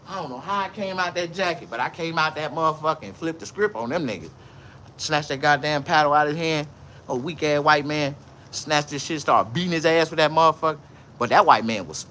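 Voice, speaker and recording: A man's voice: on the high side, slight background noise. Boisterous, profane man telling stories. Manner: loud, profane, boisterous banter. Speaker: vlogger. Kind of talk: casual livestream storytelling.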